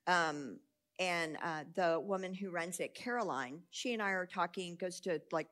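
A middle-aged woman, telling a lively testimony to an audience in a storytelling sermon style and acting out the quoted voices. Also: fairly low pitch, normal speed.

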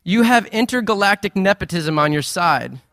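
A man delivers a sermon with a slightly high voice, talking to the congregation like friends, animated and playful. The sound is dry and close, with no room echo. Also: normal speed. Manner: conversational, animated preaching with playful asides. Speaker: pastor.

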